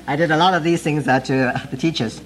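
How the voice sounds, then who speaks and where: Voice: mid-range voice, steady tone, fast talker, slight background noise, rough recording. An interpreter rendering a preacher's testimony sentence by sentence, hesitant and often laughing. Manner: hesitant, many fillers and restarts, often laughing. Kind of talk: consecutive interpreting of a sermon.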